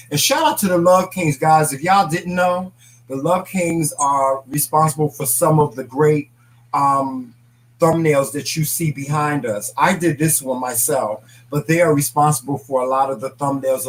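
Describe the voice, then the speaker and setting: A man's voice: on the high side, low-quality recording. A man co-hosting a casual live-stream talk show, reading comments and laughing as he talks. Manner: animated, laughing, reads viewer comments aloud.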